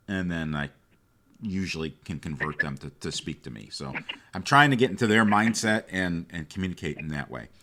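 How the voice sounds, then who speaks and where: Deep-voiced male podcast host. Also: expressive, normal speed, bright, forceful tone. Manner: brief affirmations, then reflective. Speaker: podcast host, firearms instructor. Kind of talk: casual interview.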